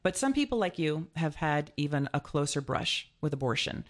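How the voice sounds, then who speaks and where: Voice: medium pitch, big pitch swings, normal speed. An interview host in casual chat, with many "you know" fillers.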